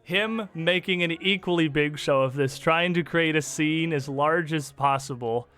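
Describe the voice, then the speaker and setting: A man narrating as game master of a tabletop game, relaxed and peppered with fillers. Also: fairly high pitch, a little slow, few pauses, clear, resonant tone, no echo.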